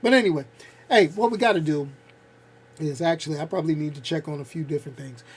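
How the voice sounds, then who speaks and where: Fast-talking and slightly rough, with a fairly high pitch, a fifty-something channel host rants on his casual vlog. Expect blunt, animated delivery packed with slang and plenty of laughter.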